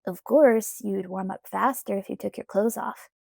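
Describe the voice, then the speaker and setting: A woman's voice: medium pitch, normal speed, gravelly, darkish tone, dry recording, clean studio sound. A woman voicing a cocky young shapeshifter man who talks in a breezy, teasing way in an audiobook.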